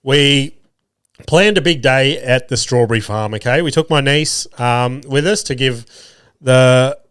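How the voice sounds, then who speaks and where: Crude, laughing Australian dad. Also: male voice, medium pitch, unhurried, fairly bright tone, clear, resonant tone, no room sound, studio quality. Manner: crude, swearing, laughing at his own stories. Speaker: podcast host. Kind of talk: casual storytelling.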